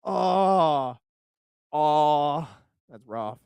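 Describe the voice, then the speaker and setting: A man's voice: on the high side, animated, drawn-out words, creaky, darkish tone, clear, resonant tone, dry recording. A young man from Oklahoma streams his reaction to a video. His voice swoops all over as he talks in a crude, exasperated way and stumbles over restarts. The sound is dry and close. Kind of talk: casual reaction commentary.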